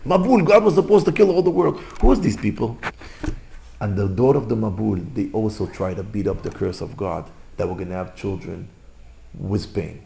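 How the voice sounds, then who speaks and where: Gravelly man preaching in broken English. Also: fairly low pitch, warm tone, a little hiss or hum. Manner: emphatic, repetitive, rhetorical questions, broken English. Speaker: religious teacher. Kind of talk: sermon.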